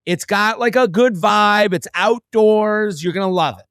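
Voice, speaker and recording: A man co-hosting a podcast, telling a funny story in a casual, animated way and acting out other people's lines. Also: high voice, unhurried, clean tone, no echo, clean studio sound. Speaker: podcast co-host and comedian.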